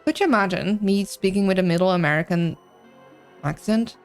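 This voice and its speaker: Excitable woman streaming a game. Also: mid-range voice, fairly quick, soft background music. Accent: mixed, hard to place. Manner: excitable, rambling, bouncy. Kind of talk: live gameplay commentary, reading chat.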